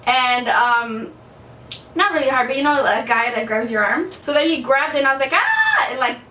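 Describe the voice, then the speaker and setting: Blunt, chatty young woman, high voice. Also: brisk, sharp tone. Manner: chatty, blunt, swears freely, lots of "like". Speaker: vlogger. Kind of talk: casual storytelling to camera. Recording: echoey room, a bit far from the mic.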